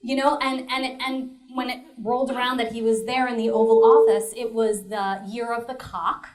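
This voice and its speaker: A woman performing a solo comedy show, telling a story with laughter and dry, deadpan asides. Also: a little high, normal speed.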